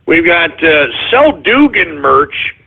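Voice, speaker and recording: A man hosting a talk radio show, ranting and swinging from calm talk to angry shouting. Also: a little high, slow, gravelly, heavy background noise. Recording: muffled phone-like internet radio audio.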